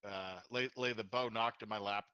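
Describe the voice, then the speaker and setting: A man's voice: on the low side, steady tone, moderate pace, sharp tone, clear, resonant tone, dull audio. A man playing a tabletop game, thinking aloud with hesitations. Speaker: player.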